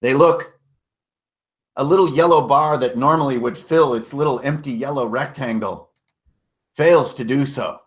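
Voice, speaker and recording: A man's voice: mid-range voice, moderate pace, pauses often. A man narrating a tabletop game recap as game master, casual and storytelling, with self-corrections and mild swearing.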